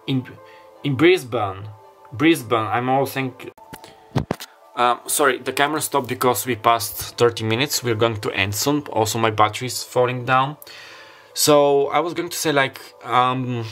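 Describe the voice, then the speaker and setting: A man's voice: medium pitch, pushed and bright. A man who does not speak English as his first language, giving a rambling, hesitant tarot reading and often searching aloud for words. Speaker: tarot reader. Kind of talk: casual tarot reading monologue.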